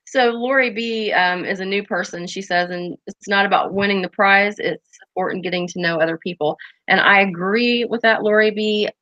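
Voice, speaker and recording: A woman's voice: medium pitch, fairly even intonation, normal speed, sharp tone, no echo, highs cut off. A woman hosting a casual livestream chat, reading viewer comments aloud and rambling with lots of fillers and restarts. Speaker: host of a pipe-smoking chat stream.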